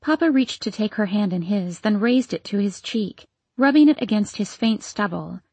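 A woman narrating a first-person story in a measured, expressive way, with a slightly breathy voice. The recording is close and dry. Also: mid-range voice, no echo. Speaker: audiobook narrator.

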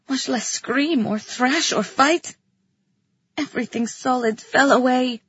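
A breathy woman reads a first-person story at an unhurried pace, her voice pitched high. The delivery is tense and vivid, and the recording is dry and a little dull. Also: no echo. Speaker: audiobook narrator. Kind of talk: scripted first-person narration.

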